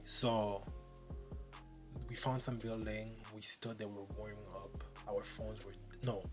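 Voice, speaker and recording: A young man telling an animated, slang-heavy story time. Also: lowish voice, unhurried, music in the background. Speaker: vlogger.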